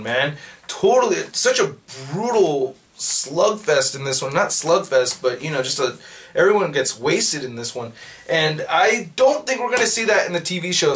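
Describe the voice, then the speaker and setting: A man giving a casual, excited recap of a comic book, swearing freely and acting out the characters' lines. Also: medium pitch.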